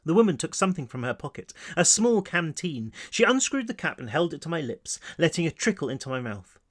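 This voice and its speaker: Man reading his novel expressively. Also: fairly quick. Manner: expressive reading with wide pitch swings, asides to listeners. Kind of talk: first-person book reading. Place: home. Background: child screaming downstairs.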